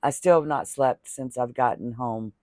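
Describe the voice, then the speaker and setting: In a warm, mid-range voice at moderate pace, a man vlogs about crochet, talking casually to camera. The recording is dry and studio quality, and he rambles sincerely, thanking viewers with religious blessings.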